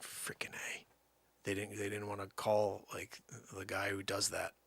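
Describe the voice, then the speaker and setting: Man, livestream host, comic storytelling, rambling, bright voice, dry sound. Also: fairly low pitch, monotone, normal speed, gravelly, dry recording. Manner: rambling, jokey, swings from mutters to shouts.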